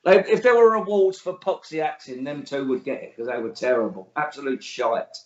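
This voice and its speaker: A middle-aged man talks bluntly and scornfully in a slightly high voice, swearing freely as he laughs things off. The room echoes, and the recording sounds dull and lo-fi. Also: a little fast. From England. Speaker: interview guest, author. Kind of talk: casual interview chat.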